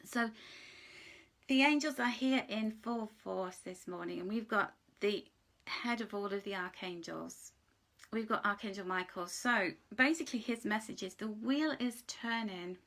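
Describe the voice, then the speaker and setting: A woman gives a live angel card reading, speaking a little slowly in a medium-pitched, fairly bright voice. She gushes emotionally and is close to tears at times.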